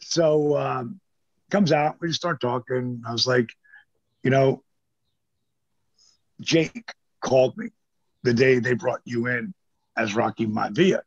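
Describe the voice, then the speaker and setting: Gravelly older man telling wrestling stories. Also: mid-range voice, takes it slowly, long pauses, no echo. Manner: animated anecdotes with profanity, acts out quoted voices. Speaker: interview guest, former wrestler. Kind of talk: casual storytelling. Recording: dull lo-fi sound.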